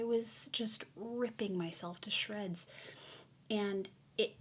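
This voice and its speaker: A woman's voice: medium pitch, slow pace, breathy edge. A woman giving a candid, reflective personal explainer to the camera, earnest and open. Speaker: mental health vlogger.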